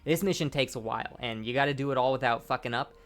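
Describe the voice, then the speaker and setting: A man's voice: mid-range voice, quick pace, fairly bright tone. A tipsy young man rambling and swearing as he commentates his own gameplay. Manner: rambling, heavy swearing, frequent restarts.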